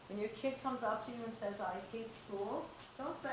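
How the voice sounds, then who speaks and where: Recorded from a distance in an echoey room with faint background noise, a middle-aged woman presents a parenting workshop to parents and teens. Her voice is fairly high, a little fast, with few pauses, and she talks directly and conversationally, acting out snippets of dialogue.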